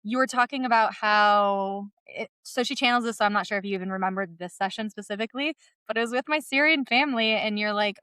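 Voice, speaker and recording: A woman hosting a podcast, telling stories in an animated way and laughing often. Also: medium pitch, fast, smooth, no room sound. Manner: animated storytelling, laughs often, many likes. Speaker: podcast host. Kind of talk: casual chat.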